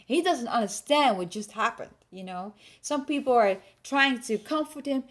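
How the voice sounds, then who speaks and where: High-voiced woman retelling a story. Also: moderate pace. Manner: animated storyteller, laughs often, acts out scenes. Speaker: podcast co-host. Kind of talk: casual chat.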